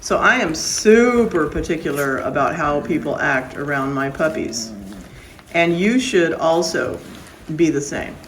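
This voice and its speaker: Woman dog breeder, lowish voice, firm and emphatic, casual vlog, faint room noise behind. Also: lively intonation, measured pace, poor audio. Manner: firm, plain-spoken, emphatic.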